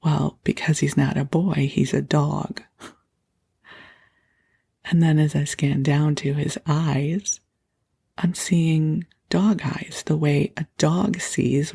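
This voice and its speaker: Soft, husky-voiced woman telling a bedtime story. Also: sits low. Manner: gentle and breathy, laughs softly, slips into whispers. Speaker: podcast host.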